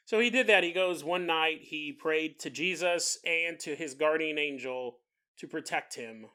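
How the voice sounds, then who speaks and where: A man with a bright, forceful voice hosts a paranormal podcast. He retells a ghost story casually and makes jokes along the way, putting on voices for the people in it. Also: a little high, a little slow, clear, resonant tone. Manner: animated, jokey, mimics people in quotes. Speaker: podcast host.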